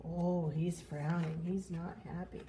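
A woman reading a children's picture book aloud, animated and expressive, doing voices for the animals. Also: on the low side, slow pace, noisy background. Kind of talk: children's story read-aloud.

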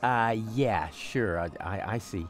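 A man's voice: fairly low pitch, takes it slowly, faint music behind. An actor voicing a cocky, sarcastic young man in a video game, talking in a smug, scheming way. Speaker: game protagonist.

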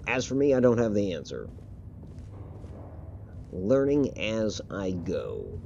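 Male game streamer, lively low voice, loose and swearing, game gunfire behind. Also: takes it slowly, gravelly, lo-fi sound, slight background noise. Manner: rambling, self-correcting, swears casually. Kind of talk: casual gameplay commentary. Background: game gunfire and artillery.

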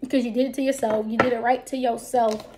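A woman's voice: on the high side, fast talker, noisy background. A woman giving a casual tarot card reading to her viewers, talking bluntly and with plenty of profanity. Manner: blunt, profane, lively talk.

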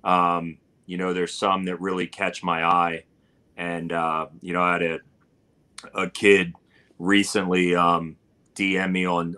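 Low, flat-voiced man telling a long story. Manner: rambling storyteller with many fillers. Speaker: barbecue cook and guest. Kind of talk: casual live-stream interview.

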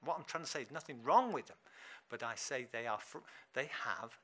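Lively, bright-voiced preacher man. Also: mid-range voice, fairly quick. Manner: chatty and animated, laughs often. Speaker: lay preacher. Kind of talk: informal sermon. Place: church.

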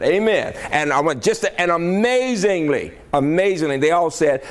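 A man's voice: on the high side, lively intonation, normal speed, hardly any pauses. An older man from the American South, a college president giving a motivational keynote speech in a conference hall, emphatic and rhetorical, often checking in with his audience.

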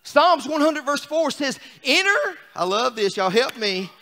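A man's voice: very high-pitched, animated, moderate pace, creaky, sharp tone, big-room sound. A man preaching an exuberant, joking sermon to his congregation in a church. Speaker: pastor. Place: church sanctuary.

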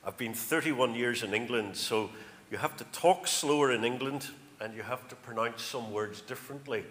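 A middle-aged man from Northern Ireland with a County Armagh accent gives a chatty, anecdotal church talk as a charity speaker, stressing his numbers. His mid-range voice is a bit bright and moves at normal speed, in an echoey church hall with faint noise.

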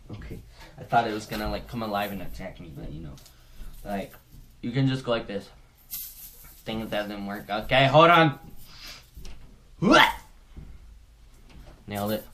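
A man's voice: fairly low pitch, fairly quick, background noise. A man talking casually as a vlogger to his viewers, rambling in a goofy way and often cutting himself off. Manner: rambling, goofy, self-interrupting. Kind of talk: casual vlog chat.

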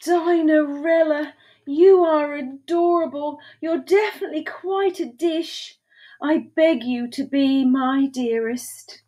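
A woman voicing a haughty, romantic male dinosaur duke in a storybook read-aloud, declaring in a drawn-out, lordly way. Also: fairly high pitch, steady tone, voice pushed up. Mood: smitten.

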